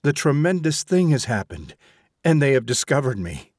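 A man reading an audiobook, voicing an earnest, quietly rebellious young man in a low, grave, measured way. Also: big pitch swings, no echo, studio quality. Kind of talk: audiobook character voice.

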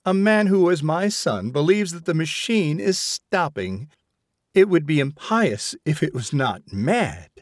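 A man's voice: fairly high pitch, big pitch swings, unhurried, no room sound, clean studio sound, pitched above the performer's own voice. A man reading aloud, voicing a petulant, fretful woman who keeps complaining. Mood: indignant. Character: imperious, fretful woman, a mother.

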